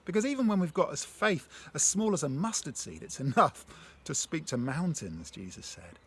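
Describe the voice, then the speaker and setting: Husky man giving a devotional talk. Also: a little high, big pitch swings, normal speed. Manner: reads a prayer aloud, then asks the listener gentle questions; swings between soft, hushed phrases and stronger ones. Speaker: speaker sharing a faith story.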